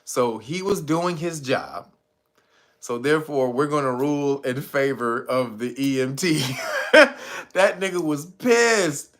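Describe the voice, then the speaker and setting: Brief: male stream host, bright high voice, unhurried, constant laughter. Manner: laughs constantly, loose and profane. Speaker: livestream host. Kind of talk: livestream chat commentary.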